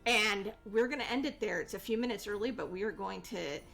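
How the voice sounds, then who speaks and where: A woman runs a tabletop game as game master, narrating casually with plenty of fillers. Her voice is mid-pitched, and faint music plays underneath. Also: quick pace, creaky, fairly bright tone. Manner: casual, giggly, many fillers.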